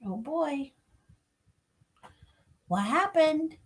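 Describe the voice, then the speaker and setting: A woman's voice: sits high, lively intonation, very slow. A woman from Pennsylvania, a paranormal investigator, chatting as a guest in a casual interview and laughing often as she tells stories.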